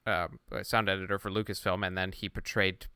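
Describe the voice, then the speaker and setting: A man's voice: deep voice, flat delivery, fairly quick, pushed and bright, smooth, no room sound, clean studio sound. A man co-hosting a podcast in casual chat, explaining background details at length. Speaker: podcast co-host.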